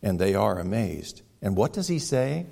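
A man preaching a sermon, retelling a story dramatically, with sudden loud exclamations and quiet, hushed stretches. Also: on the low side, very animated, moderate pace, creaky, slightly rough. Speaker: pastor.

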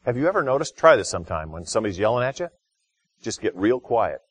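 Low-voiced man preaching a conversational sermon. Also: sing-song, no room sound. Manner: conversational preaching with sudden loud, slow emphatic phrases. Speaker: pastor.

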